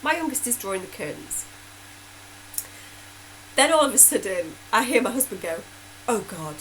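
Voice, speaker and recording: A woman's voice: fairly high pitch, big pitch swings, normal speed, a bit bright, a little hiss or hum, poor audio. Brief: woman in her thirties, host, chatty rambling storyteller who laughs as she talks. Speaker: hypnotherapist host. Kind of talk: casual storytelling update.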